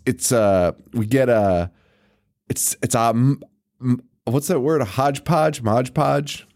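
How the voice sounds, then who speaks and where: Laid-back swearing man with a dark voice. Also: on the low side. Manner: laid-back, swears a lot, laughs often. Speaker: podcast co-host. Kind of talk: casual chat.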